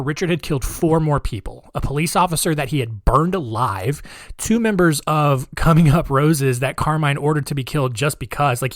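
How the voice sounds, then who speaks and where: A man's voice: on the high side, dry recording, studio quality. A man hosting a podcast, telling a true-crime story casually with many fillers and wry sarcastic asides. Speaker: podcast host.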